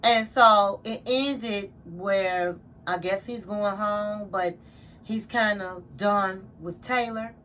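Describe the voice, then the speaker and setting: A woman's voice: mid-range voice, slow, a bit bright, a little hiss or hum. A woman casually recapping a reality show episode, retelling scenes and quoting what people said.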